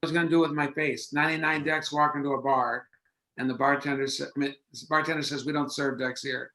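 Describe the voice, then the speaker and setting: A man improv performer telling quick bar jokes, dropping low and deadpan for the punchlines. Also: echoey room, poor audio.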